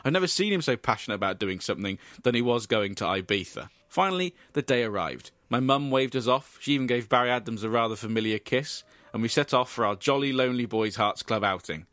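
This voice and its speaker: A man hosting a comedy podcast, telling an absurd story in a dry, deadpan way with asides. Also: mid-range voice, fast, hardly any pauses, no room sound.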